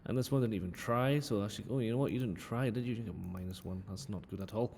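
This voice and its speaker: A man's voice: fairly low pitch, fast talker, hardly any pauses, a little mellow, big-room sound, a little hiss or hum. A man who is a physics teacher, telling a casual story and mockingly judging drawings. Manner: playful mock-outraged teasing.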